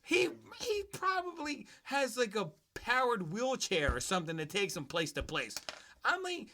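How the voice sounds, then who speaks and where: A man's voice: very high-pitched, huge pitch swings, moderate pace, sharp tone, slight background noise. A man hosting a casual sports podcast, ranting in a profane, heated and mocking way. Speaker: podcast host.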